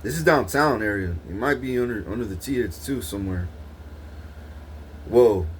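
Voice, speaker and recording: Rambling through the story of a dream, a young man from Corpus Christi, Texas, vlogs casually with profane street slang and many restarts. He speaks at a moderate pace in a fairly low voice over slight background noise.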